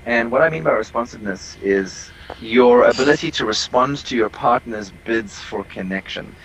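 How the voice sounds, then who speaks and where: A man's voice: mid-range voice, moderate pace, vocal fry, a bit bright, slight background noise, rough recording. A man working as a relationship coach, explaining at length as a guest on an interview call, with many ums and restarts. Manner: explanatory, long rambling sentences with many fillers.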